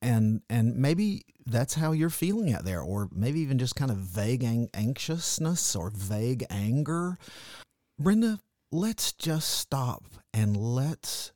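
A man's voice: mid-range voice, big pitch swings, takes it slowly, dark tone, no room sound, studio quality. A man, a pastor, hosting a Christian radio talk show in an affirming pastoral manner.

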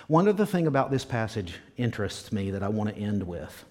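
A man's voice: fairly low pitch, very animated, fairly quick, hardly any pauses, darkish tone. A man preaching a sermon as pastor, emphatic and repetitive, sometimes dropping to a near whisper. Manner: emphatic, repeats key words, drops to a whisper at times.

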